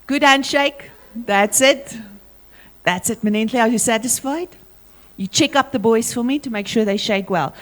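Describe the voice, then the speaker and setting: A woman's voice: a little high, normal speed, a bit bright. A woman with a South African accent leading a school assembly, talking energetically and playfully as she calls out to pupils.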